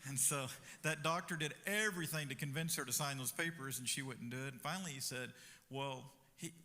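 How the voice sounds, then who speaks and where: A man preaching a sermon and telling a personal story in a conversational way, with fillers and quick asides. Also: medium pitch, sharp tone. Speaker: pastor. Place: church sanctuary. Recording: reverberant church hall.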